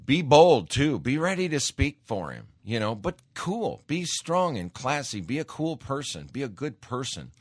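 A man hosting a faith talk on the radio, telling stories with animated, emphatic bursts. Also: mid-range voice, moderate pace, hardly any pauses, no room sound. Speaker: radio host.

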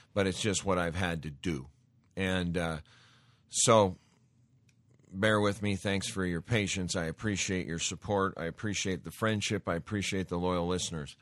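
A man's voice: deep voice, fairly bright tone, no room sound. A man hosting a talk radio show, talking emphatically and often repeating himself as he tells a story. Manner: emphatic, repeats words and restarts.

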